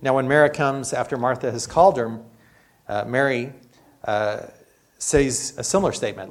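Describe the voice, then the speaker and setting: A man's voice: medium pitch, fairly even intonation, moderate pace. Male pastor, everyday sermon delivery, earnest and chatty. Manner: earnest, conversational preaching with frequent "you know".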